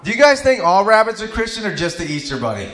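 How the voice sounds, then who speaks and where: A male stand-up comedian on a club stage, delivering deadpan one-liners with small dry asides. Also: sits high, fast. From Austin, Texas. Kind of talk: stand-up set. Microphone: handheld stage mic. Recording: echoey club with crowd laughter.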